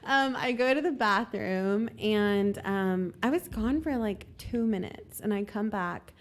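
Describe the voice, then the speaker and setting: A woman's voice: mid-range voice, a little slow. A woman guest on a podcast, telling a story in a chatty way full of fillers. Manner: chatty, lots of likes and ums. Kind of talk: casual storytelling chat.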